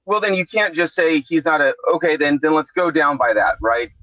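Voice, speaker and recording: A man with a bright, forceful voice talks casually about sports, starting his sentences over and wandering as he goes. The sound is dry and comes through a dull, lo-fi call. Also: fairly high pitch, brisk, dry recording. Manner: rambling, restarts often. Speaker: guest on a sports podcast.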